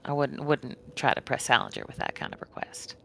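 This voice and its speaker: A woman putting on a bright teasing purse-keeper. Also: a bass voice, brisk, vocal fry, exaggerated voice. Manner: playful, teasing.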